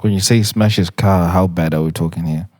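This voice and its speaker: A man's voice: deep voice, fairly even intonation, a little fast, a little mellow. A man hosting a podcast, asking curious follow-up questions in casual chat and laughing often. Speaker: podcast host.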